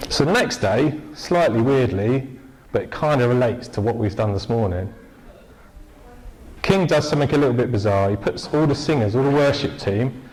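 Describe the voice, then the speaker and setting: A man preaching a sermon in a relaxed, conversational way, telling stories with lively bursts and restarts. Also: medium pitch, rough recording. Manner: conversational, animated storytelling with restarts. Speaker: pastor.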